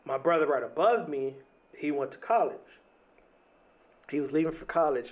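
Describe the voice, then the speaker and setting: A man's voice: on the high side, animated, moderate pace, long pauses. A young adult man hosting a podcast, talking in an earnest, reflective motivational monologue, often restarting and leaning on "like" and "right?". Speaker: podcast host.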